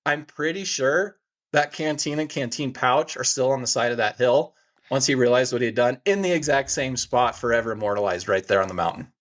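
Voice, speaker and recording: Talking briskly at a medium pitch, this podcast guest is an American hunting guide and outfitter in his forties. He tells a story casually and with animation, imitating the voices of the people in it.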